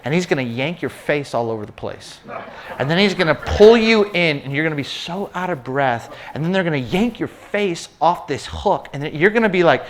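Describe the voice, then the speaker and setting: A man giving an animated, storytelling sermon talk, often repeating words as he starts sentences. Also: fairly high pitch. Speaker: speaker at a faith session.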